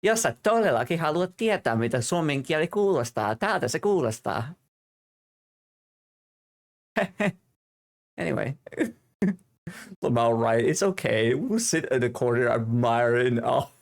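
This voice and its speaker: A Finnish-accented man hosting a home livestream, talking straight into his desk mic. His English is loose and chatty, full of fillers and restarts, with a voice of middling pitch. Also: animated, a little slow, vocal fry, long pauses. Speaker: livestream host. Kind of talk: casual stream chat. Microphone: desk streaming microphone.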